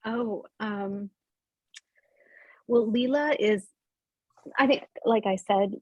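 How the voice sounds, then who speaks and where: A woman's voice: mid-range voice, slow pace, a little mellow, no echo, highs cut off. An author in a casual interview, a bubbly woman who laughs often and rambles as she talks over a video call. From United States. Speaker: author guest.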